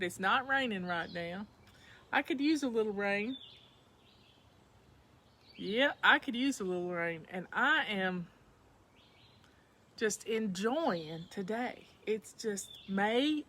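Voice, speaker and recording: A woman's voice: medium pitch, bright, forceful tone, a little hiss or hum. A woman with a Southern accent hosting a casual chat from home, folksy and chatty, talking to her viewers as y'all. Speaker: livestream host.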